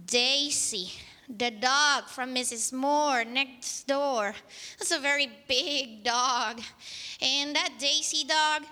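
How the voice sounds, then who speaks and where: High, lively woman telling a children's story. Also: long reverb tail. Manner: expressive, engaging, asks the children questions. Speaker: children's story teller at church.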